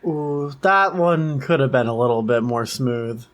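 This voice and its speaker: A young man co-hosting a casual podcast, joking playfully and laughing easily. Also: medium pitch. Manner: playful, quick to laugh and joke. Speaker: podcast co-host. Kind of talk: casual chat.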